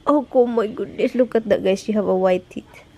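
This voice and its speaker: A woman's voice: medium pitch, a little fast, warm tone. A woman with a Filipino accent talks casually with her husband and coos at her pets in a home vlog. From Philippines. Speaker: vlogger.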